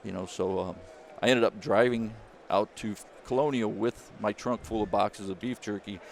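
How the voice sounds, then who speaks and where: A man, a former caddie turned business founder, telling a lively story in an interview and acting out the people he quotes. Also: fairly low pitch, moderate pace, gravelly, slight background noise. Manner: animated storyteller, acts out quoted voices.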